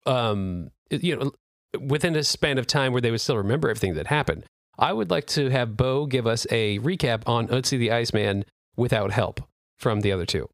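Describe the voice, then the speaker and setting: A man's voice: mid-range voice, expressive, fairly quick, no room sound, clean studio sound. Joking, swearing man hosting a podcast. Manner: joking, swears freely, self-mocking. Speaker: podcast host. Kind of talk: casual podcast chat.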